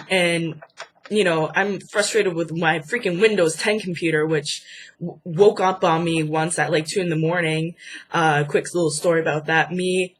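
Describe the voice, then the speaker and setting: A young woman hosting a casual vlog, chatty and indignant with lots of fillers, sounding stuffy from a cold. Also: on the low side. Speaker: channel host.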